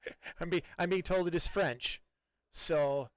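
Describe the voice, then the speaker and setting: A man doing live play-by-play soccer commentary in a relaxed, chatty way, with many fillers and restarts. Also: fairly high pitch, measured pace, pauses often, no echo.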